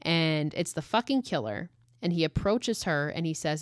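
A young woman talks through a horror film in a blunt, profane, casual way. Her voice sits low in pitch, and the recording is dry and close, with no room sound. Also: lively intonation, normal speed, no echo. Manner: blunt, profane, emotionally reactive. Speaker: commentator recapping a true-crime horror film. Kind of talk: casual recap monologue.

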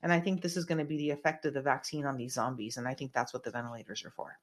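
A woman's voice: rumbling low, fairly even intonation, racing. Brief: woman host, rambling conspiratorial commentary, lots of fillers, small room. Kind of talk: casual political commentary.

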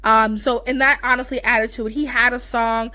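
A woman's voice: a little high, little pitch movement, normal speed, sharp tone, no echo. Chatty young woman, dry close sound. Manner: chatty, gushing, lots of fillers. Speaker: podcast co-host. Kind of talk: casual chat.

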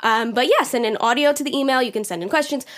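A woman's voice: sits high, fast, a bit bright. A young woman co-hosting a casual chat podcast, giggling often and rambling with fillers. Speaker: podcast co-host.

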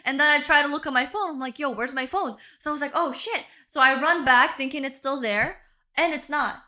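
Young woman, podcast co-host, high and bright, casual storyteller with a lot of "bro". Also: fairly quick. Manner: storytelling, swears, says "bro" and "right?". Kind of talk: casual chat.

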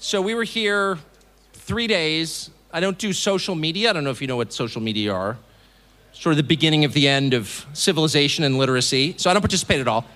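A man's voice: a little high, quick pace, a bit bright. A middle-aged American man, a television host, giving a public speech to a live audience with sardonic, mocking asides and an emphatic delivery. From United States. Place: event hall before an audience.

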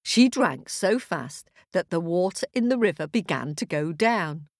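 A woman tells a children's fairy tale slowly and expressively, dropping into chanted sound effects. Her voice sits a little low, and the recording is dry and close. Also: expressive, no echo. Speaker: storyteller. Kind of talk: children's story narration.

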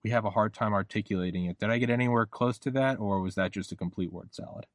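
A man's voice: on the low side, fast talker, no room sound, clean studio sound. A man hosting a podcast in casual conversation, rambling and acting out quoted voices as he talks. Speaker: podcast host.

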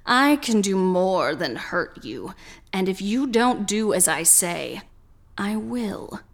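A woman's voice: mid-range voice, sing-song, slow. A woman voicing a cruel, gloating half-vulture demon that cackles and howls its threats. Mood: menacing.

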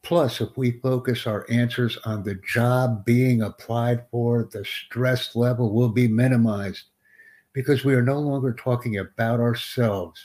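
A man hosting a live-streamed English interview lesson, who speaks slowly and deliberately and sternly corrects a student. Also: medium pitch, fairly even intonation, a little mellow.

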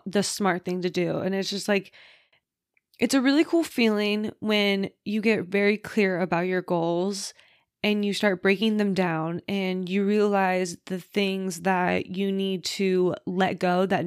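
A woman's voice: mid-range voice, dry recording, clean studio sound. A woman hosting her own podcast, talking casually and candidly, with the odd swear word, from bed at home. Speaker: podcast host. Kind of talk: casual solo podcast chat.

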